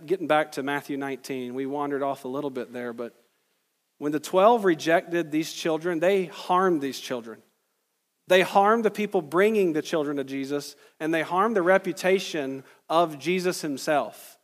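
A man preaching from the pulpit with a fairly high voice, earnest and emphatic. His words ring out with a long hall reverb in a church sanctuary. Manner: earnest, emphatic preaching with rising intensity on key phrases. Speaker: pastor. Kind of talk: sermon.

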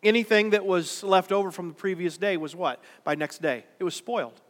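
A man's voice: high voice, a little fast, long reverb tail. A man preaching a sermon in a church worship center, conversational and then emphatic. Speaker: pastor.

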